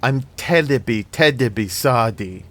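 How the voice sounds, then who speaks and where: Man doing a high, sarcastic teen babysitter, quick quips, storybook reading. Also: lively intonation, close to an everyday voice. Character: teenage girl babysitter, wisecracking and jumpy.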